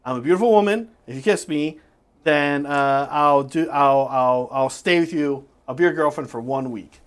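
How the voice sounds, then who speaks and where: A man's voice: a little high, normal speed, natural voice. A man putting on a pushy talking frog lady. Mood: wheedling. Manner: wheedling, exasperated outbursts.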